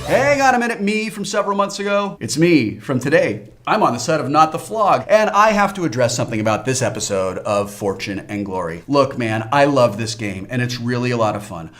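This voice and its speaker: A man's voice: medium pitch, sing-song, brisk, few pauses. A man in his forties hosting a board game show, chatty and joking with his guests in a studio. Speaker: host. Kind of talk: casual chat over a board game.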